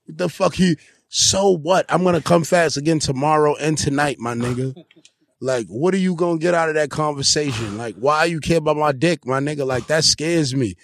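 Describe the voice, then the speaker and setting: A man hosting a podcast, telling stories in an animated, joking way. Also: a little high, moderate pace. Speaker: podcast host. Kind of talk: casual interview banter.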